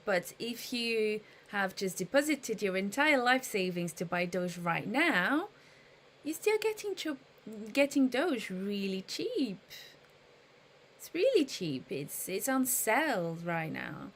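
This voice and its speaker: A woman's voice: medium pitch, sing-song, takes it slowly, a bit bright, slight background noise. A woman live streaming in casual chat, thinking aloud and patiently explaining trading to her viewers.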